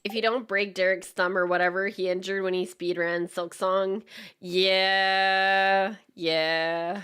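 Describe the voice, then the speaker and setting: A woman's voice: lowish voice, steady tone, a little fast, fairly bright tone, smooth. A woman from Canada chatting casually and laughing often while she streams a speedrun attempt. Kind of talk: casual live-stream chat while gaming.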